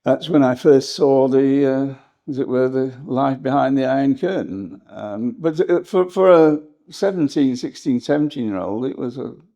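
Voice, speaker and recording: An older English historian reminiscing in an interview, rambling and hesitant, with frequent laughs. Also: male voice, medium pitch, normal speed, creaky, warm tone, lo-fi sound. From England. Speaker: historian guest.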